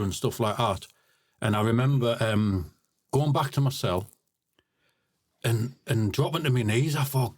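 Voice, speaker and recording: A man's voice: medium pitch, normal speed, a little mellow, no room sound, clean studio sound. A blunt man telling stories as a podcast guest. He often repeats words as he starts a sentence. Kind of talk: casual storytelling.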